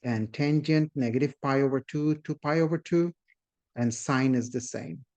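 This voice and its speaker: At a normal speed, a man with a mid-range, darkish-toned voice gives a math lecture to his class. He goes step by step, checks in often, refers to everyone as "guys" and welcomes questions.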